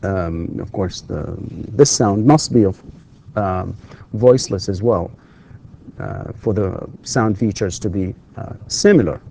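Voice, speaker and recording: A male university lecturer, a native Arabic speaker, teaching English pronunciation slowly and deliberately, repeating words and pausing with fillers as he explains. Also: low-pitched, gravelly, dark tone, slight background noise. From Saudi Arabia. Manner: hesitant, with frequent fillers and restarts when explaining. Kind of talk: recorded lecture.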